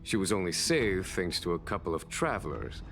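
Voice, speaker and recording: A man voicing a calm, wise older seer in a game, speaking in a measured, formal way. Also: deep voice, music in the background. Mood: composed.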